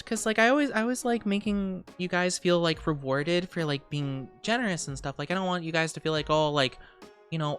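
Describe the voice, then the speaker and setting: A woman's voice: fairly low pitch, a bit bright. A woman streamer chatting casually with her live chat, giggling often and trailing off with fillers.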